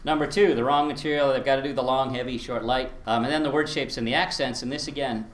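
A man's voice: medium pitch, fairly even intonation, fast talker, echoey room. A man teaching a workshop on verse rhythm, chatty and explaining with spoken examples, often chuckling. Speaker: Latin teacher. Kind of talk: workshop presentation.

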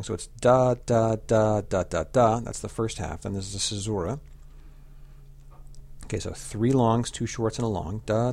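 A man teaching on his podcast in a casual spoken way, with many fillers and pauses, sometimes chanting a rhythm on one syllable. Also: fairly low pitch, vocal fry. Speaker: podcast teacher of Latin verse. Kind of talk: slow measured poetry recitation.

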